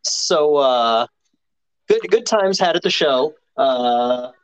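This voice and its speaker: Relaxed podcast panelist, mid-pitched. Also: slow pace, clean tone, no echo, low-quality recording. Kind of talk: casual podcast chat.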